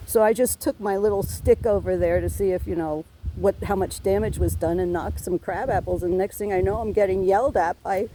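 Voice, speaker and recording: A middle-aged woman with a soft, mellow tone pours out a complaint to an officer. She rambles and circles back, restarting sentences and cursing out of frustration. The delivery stays in an ordinary middle pitch, worn down and aggrieved. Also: brisk, a little hiss or hum. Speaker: tenant reporting harassment to police.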